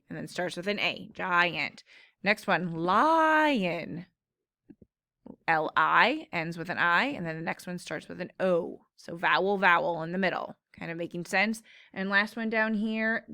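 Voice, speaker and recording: A woman's voice: on the low side, bright, forceful tone, no echo, studio quality. A woman teacher patiently explaining syllable patterns in a classroom phonics lesson. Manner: slow, patient explaining with drawn-out words.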